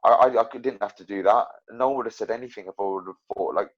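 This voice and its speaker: A man's voice: lowish voice, fast. A young man and professional fighter, talking casually as a guest, rambling with lots of fillers and restarts. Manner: rambling, full of fillers and restarts, animated storytelling. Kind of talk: casual interview chat. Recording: dull lo-fi podcast audio.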